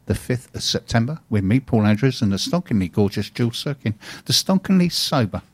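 A man's voice: on the low side, fairly quick, darkish tone, dry recording. A man hosting a radio business show, chatting casually and teasing his co-host. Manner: jokey, teasing banter.

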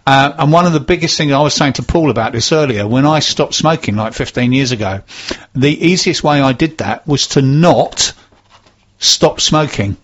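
A man hosting a casual chat and telling personal anecdotes in a relaxed way. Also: mid-range voice, normal speed. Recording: dull lo-fi sound.

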